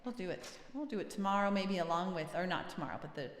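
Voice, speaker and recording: A woman hosting a livestream, chatting casually between songs, gentle and encouraging, laughing as she tells a story. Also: on the low side, expressive, fast. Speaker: livestream host and singer-songwriter. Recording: roomy echo with long reverb, faint guitar.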